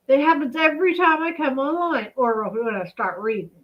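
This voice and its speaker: A woman's voice: sits high, moderate pace, dull audio. A woman hosting a home vlog, chatting casually and reading official text aloud, often drifting off to react to what she reads. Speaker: channel host. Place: home in a residential cul-de-sac.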